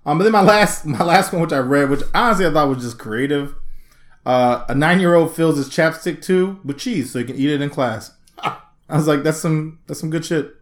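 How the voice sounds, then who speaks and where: A man co-hosting a podcast, telling stories in a slangy, animated way and laughing often during casual comedic chat. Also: a little high, normal speed. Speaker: podcast co-host.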